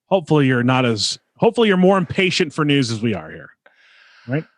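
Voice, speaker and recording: A man's voice: medium pitch, big pitch swings, no room sound. Earnest man podcast host, dry sound. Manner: earnest, emphatic, drawn-out pleas. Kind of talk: casual podcast chat.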